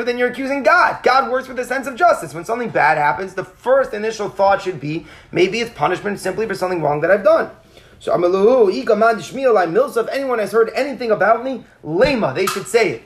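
A man teaching a Talmud class. He reads each Aramaic phrase, explains it in English, and acts out the rabbis' dialogue in a lively way. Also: sits high. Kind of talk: Talmud class, reading and translating.

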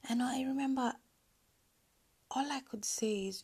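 A woman with a high voice relates a personal story on her podcast, barely above a whisper, softly and breathily. She's hesitant, stopping and starting with frequent pauses.

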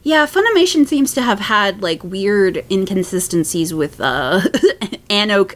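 A woman talking as a podcast guest in a casual chat, laughing often and pausing on fillers. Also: medium pitch, expressive, a bit bright.

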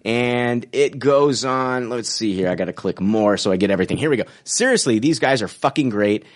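A man chats casually as a podcast co-host, reading out listener reviews. His pitch swings widely as he hams up the quotes and laughs along. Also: brisk. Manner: animated, laughing, mock-dramatic review reading.

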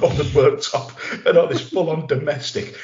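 A man's voice: on the high side, steady tone, moderate pace, darkish tone, slight background noise. A man, a podcast guest, telling long rambling stories with wisecracks in casual chat. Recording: roomy lo-fi audio.

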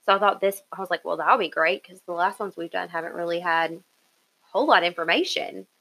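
A woman co-hosting a podcast, chatting casually in an excitable, giggly way. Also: lowish voice, quick pace, breathy edge, poor audio. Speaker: podcast co-host.

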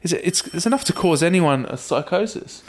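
A man's voice: high voice, expressive, a little fast. A man in casual podcast chat, talking reflectively and swearing casually.

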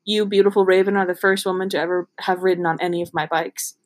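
A woman's voice: lowish voice, little pitch movement, fast, natural voice. Cocky flirty biker guy read out by a woman, just her normal reading voice. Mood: smug. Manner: read plainly from a book.

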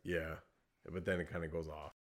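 A man co-hosting a movie review podcast, easygoing and chatty, often agreeing with quick yeahs. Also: a bass voice, flat delivery. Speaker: podcast co-host. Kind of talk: casual movie review chat.

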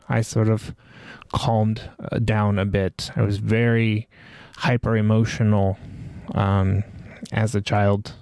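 A podcast host in his forties reflects on his life in a rambling personal monologue, with many fillers and restarts. His fairly low voice is creaky, a little mellow, clear and resonant, captured in clean studio sound without echo.

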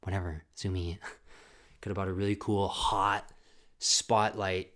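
A man's voice: deep voice, level tone, fairly bright tone. A young man hosting his own podcast from home, rambling casually and swearing a lot, self-mocking as he tells stories to the camera. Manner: rambling, profane and self-mocking, with quick mood swings. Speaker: podcast host. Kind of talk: casual solo podcast monologue. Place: home room with a ring light. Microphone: camera mic.

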